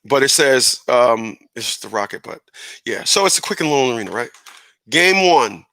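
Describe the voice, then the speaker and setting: A man hosting a casual radio talk show, animated and rambling, correcting himself and chuckling as he goes. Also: mid-range voice, moderate pace, no echo.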